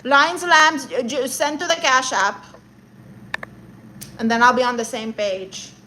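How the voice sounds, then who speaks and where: A woman's voice: sits high, measured pace, pushed and bright, slight background noise, poor audio. A woman live streaming, reading viewer messages and roasting them in a sassy, mock-arrogant way, dropping Spanish words.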